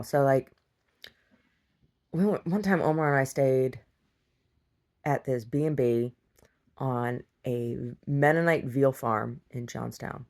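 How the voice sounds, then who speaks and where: Middle-aged woman, video diarist, low gravelly voice, rambling storyteller who laughs a lot. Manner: laughs often, acts out quoted voices, many restarts. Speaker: video diary vlogger.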